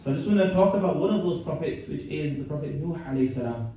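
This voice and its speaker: A man's voice: fairly high pitch, lively intonation, quick pace, dark tone. A male scholar giving a conversational religious lecture, reciting verses and explaining them, recorded from a distance in a community centre hall. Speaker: Islamic scholar giving a talk. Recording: very echoey hall, mic far off, faint noise.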